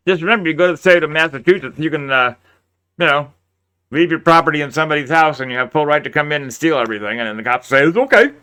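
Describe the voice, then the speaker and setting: A man's voice: on the high side, fast talker, bright, forceful tone, clean tone. A man giving sarcastic, incredulous commentary on a crime case, talking close to a mic. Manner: sarcastic, incredulous, laughs often. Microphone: close mic, peaking.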